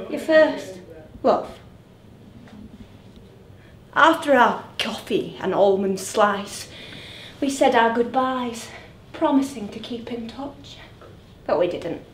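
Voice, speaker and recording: A woman's voice: on the high side, a little hiss or hum. A woman playing a lonely grown woman, a drunk, who keeps repeating herself in a stage monologue. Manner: halting, repeats her words. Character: lonely grown woman, a drunk, waiting for her late dad. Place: theatre stage. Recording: roomy theatre heard from a distance.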